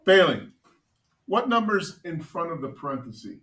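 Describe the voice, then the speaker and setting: A man teaching a math class, joking with students and quizzing them with quick questions. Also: fairly high pitch, sing-song, fairly bright tone.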